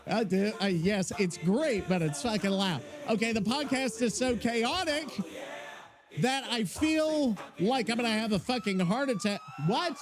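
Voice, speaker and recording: A man's voice: very high voice, a little slow, music in the background. A man hosting a gaming podcast, talking loosely and profanely with frequent rambling. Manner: loud, profane, laughing, rambling. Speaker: podcast host. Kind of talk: casual chat.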